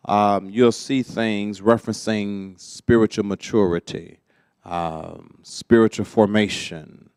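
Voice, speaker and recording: A man's voice: on the low side, dry recording, clean studio sound. A man leading a church teaching workshop, conversational and often checking that listeners follow. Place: church classroom.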